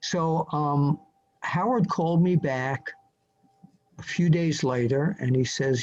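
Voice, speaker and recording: An older man, a journalist appearing as a podcast guest, telling a story from memory in a halting way, full of fillers and restarts. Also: on the high side, a little mellow. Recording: slightly dull lo-fi audio with faint hiss.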